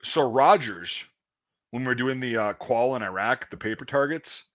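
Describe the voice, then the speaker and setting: A man's voice: mid-range voice, expressive, moderate pace, a bit bright. A middle-aged man chatting casually as a podcast host, swearing freely and mimicking screams when he retells stories. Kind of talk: casual profane chat. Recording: dull lo-fi sound.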